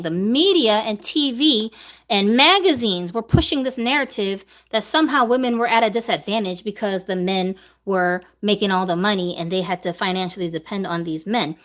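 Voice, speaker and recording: A woman's voice: fairly high pitch, fairly bright tone. Emphatic woman livestream host. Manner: emphatic, full of rhetorical questions. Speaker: host answering viewer questions. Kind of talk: live-stream opinion talk.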